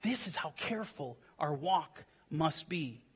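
A man preaching a sermon as pastor, impassioned, swinging from hushed passages to loud declarations. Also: fairly high pitch, lively intonation, unhurried, slightly rough. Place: church. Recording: long reverb of a hall.

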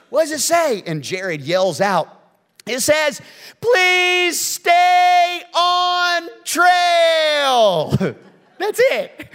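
Animated pastor in a reverberant hall. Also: male voice, on the high side. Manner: animated storytelling, swings from loud to hushed. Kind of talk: sermon. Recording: long reverb of a church hall.

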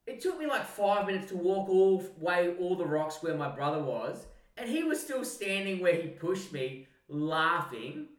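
An Australian man and podcast co-host telling an animated, sweary story in casual chat. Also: high-pitched, moderate pace, few pauses, distant mic. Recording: roomy sound, mic set back.

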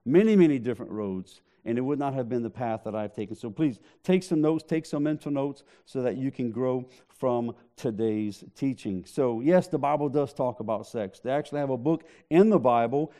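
A man's voice: mid-range voice, normal speed, hardly any pauses, warm tone. A man preaching a sermon, joking with the congregation in a conversational way. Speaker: pastor.

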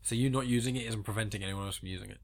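A man's voice: lowish voice, fairly even intonation, rapid-fire, vocal fry. Teasing, reasoning English podcast man. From England. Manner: reasoning, explains at length, teasing. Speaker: podcast co-host. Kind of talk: casual chat.

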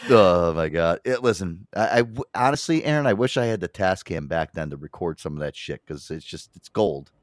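Animated swearing man hosting a show. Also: low voice, fairly quick, dry recording, clean studio sound. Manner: animated storyteller, swears freely, slips into impressions. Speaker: radio show host. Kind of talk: loose casual banter with crude humor. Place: small studio. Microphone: studio mic.

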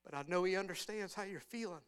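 A man preaching a sermon in a church, talking in a conversational way that swings between hushed and loud, emphatic stretches. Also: high-pitched, quick pace, smooth. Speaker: pastor. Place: church sanctuary.

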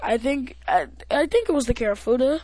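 Brief: higher-voiced woman, podcast host, rambling casual recap, dry close sound. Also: animated, darkish tone, dry recording. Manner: rambling, halting, with many restarts and fillers. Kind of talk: casual wrestling recap chat.

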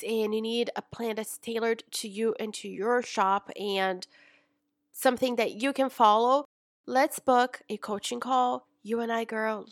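A woman's voice: on the high side, no room sound. Chatty woman coach, dry close mic. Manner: chatty, animated, calls listener mama and sis. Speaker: business coach. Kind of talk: casual coaching talk.

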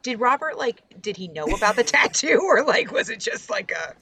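A woman's voice: fairly high pitch, very animated, moderate pace, a crowd in the background. A woman co-hosting a podcast, reacting with short interjections and frequent laughter. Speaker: podcast co-host. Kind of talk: casual chat.

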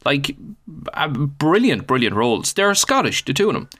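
A man's voice: medium pitch, big pitch swings, normal speed, fairly bright tone. An Irish man hosting a podcast in casual, jokey chat, laughing often. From Ireland. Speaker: podcast host.

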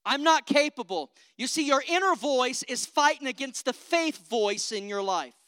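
Woman preacher going hard, high bright voice, dry close sound, keeps asking for amens. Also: animated, normal speed, clear, resonant tone, no echo. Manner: emphatic, rousing, calls for amens. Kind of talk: sermon.

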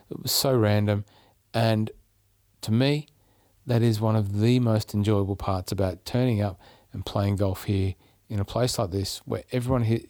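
A man's voice: fairly low pitch, darkish tone, no echo, studio quality. An Australian man hosting a podcast, chatting casually and telling stories in an upbeat way, often restarting mid-phrase. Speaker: podcast host. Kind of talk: casual travel chat.

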